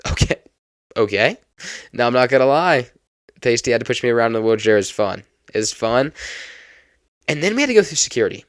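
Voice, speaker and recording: A young adult man hosting a podcast, telling a personal story in a lively, casual way and laughing now and then. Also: medium pitch, fairly quick, pauses often, no echo, clean studio sound. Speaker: podcast host.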